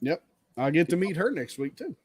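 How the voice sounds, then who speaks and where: Joking man with a lively voice. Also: fairly high pitch, fairly quick, slightly rough, no room sound. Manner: joking, swearing, laid-back. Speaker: livestream co-host. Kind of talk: casual chat.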